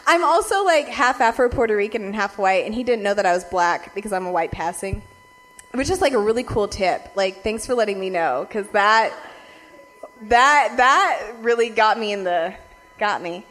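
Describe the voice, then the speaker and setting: A young woman telling a story to her viewers. She talks fast with constant "like" fillers, heavy swearing and frequent laughs, and her voice jumps in pitch and loudness as she rants. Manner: animated swings in loudness and pitch when ranting. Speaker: vlogger.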